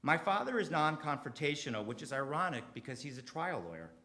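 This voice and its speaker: A middle-aged man tells a confessional comedy story on a theater stage. His voice sits a little high for a man and jumps all over the place in pitch. He drops to quiet asides, then pushes into loud, emphatic bursts. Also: very animated, fairly quick, background noise. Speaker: comedy writer performing a personal story. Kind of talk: storytelling stand-up set.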